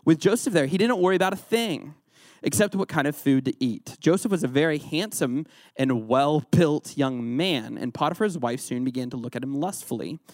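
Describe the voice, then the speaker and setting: A man teaching a Bible lesson to young listeners, playful and teasing as he fires questions at them. His voice sits a bit higher than most men's. The sound is dry and close, with little room echo. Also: expressive, normal speed, a little mellow. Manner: playful, joking, quizzes the audience. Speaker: youth pastor. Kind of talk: interactive Bible lesson sermon.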